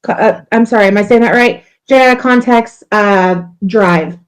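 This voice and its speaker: A woman co-hosting a livestream, talkative and quick to laugh, often correcting herself mid-sentence. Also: mid-range voice, rough recording. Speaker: livestream co-host. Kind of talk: casual livestream chat.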